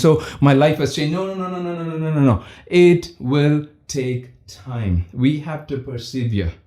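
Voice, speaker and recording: A man's voice: on the high side, warm tone. Emphatic man teaching in an echoey room. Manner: emphatic, repeats key phrases. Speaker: parenting speaker. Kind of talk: teaching talk on parenting.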